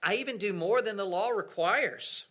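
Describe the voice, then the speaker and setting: A man's voice: high voice, moderate pace, sharp tone. A man voicing a smug, self-righteous religious man who brags about his own goodness in a sermon. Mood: boastful. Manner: boastful, looking down on others.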